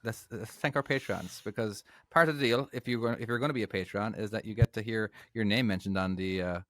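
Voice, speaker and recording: A man's voice: fairly low pitch, fast, a bit bright, dry recording, studio quality. An Irish man co-hosting a podcast in casual chat, rambling and repeating words as he starts his sentences. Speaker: podcast co-host.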